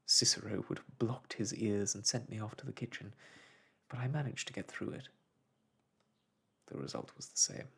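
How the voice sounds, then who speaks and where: A man reading a classic novel aloud in a soft, hushed ASMR storytelling style. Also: fairly low pitch, normal speed, long pauses. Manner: hushed, breathy and gentle.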